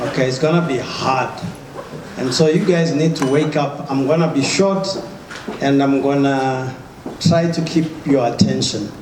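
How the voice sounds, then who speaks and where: A man giving a motivational talk to a live audience, emphatic and often asking the crowd questions. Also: mid-range voice. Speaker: motivational speaker. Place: large hall with an audience. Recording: echoey hall with noise.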